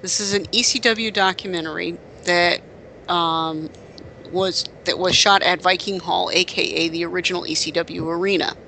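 A man's voice: sits high, fairly even intonation, normal speed, gravelly, bright, forceful tone, slight background noise. A man co-hosting a casual podcast, telling stories in a rambling way with frequent restarts and fillers. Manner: rambling, self-correcting storyteller. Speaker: podcast co-host. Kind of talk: casual chat.

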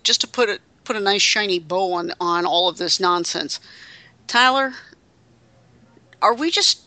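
A woman hosts a loose podcast conversation with a bright, edged tone. She is wry and indignant by turns and keeps restarting her sentences. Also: medium pitch, expressive, a little slow, no echo. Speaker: podcast co-host. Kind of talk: casual chat about pro wrestling.

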